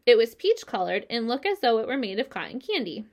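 Woman, slightly high voice, calm storybook narrator. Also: a little fast, dull audio. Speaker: audiobook narrator.

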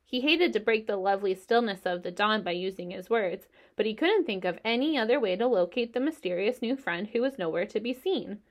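A woman narrating a children's storybook in a gentle, expressive way. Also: mid-range voice, brisk, hardly any pauses. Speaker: reader.

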